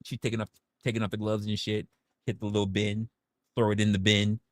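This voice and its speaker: A young man hosting a livestream, telling a story in a candid, profane, animated way. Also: on the low side, a little fast, no room sound, studio quality. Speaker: livestream host.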